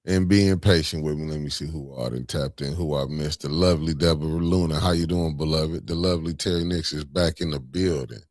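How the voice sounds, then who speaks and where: A man with a very low voice hosts a casual live stream, warmly greeting viewers by name as family and beloved. He keeps chatting while he sorts out sharing the stream. The recording is close and dry. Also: fairly even intonation, fairly quick, few pauses, dry recording.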